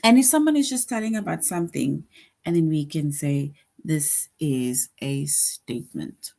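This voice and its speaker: A woman teacher giving an online lesson to second graders, slowly reading example sentences aloud and explaining each one. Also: sits low, animated, creaky, mellow. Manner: slow, deliberate, reads example sentences aloud.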